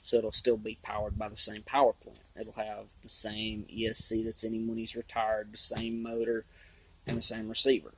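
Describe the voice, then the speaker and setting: Man, hoarse, low voice, gravelly, husky, rambling casual outdoor chat. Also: completely flat delivery, normal speed, fairly bright tone, a little hiss or hum, poor audio. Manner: rambling, drawling, with restarts. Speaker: RC hobby vlogger. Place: outdoors on a trail.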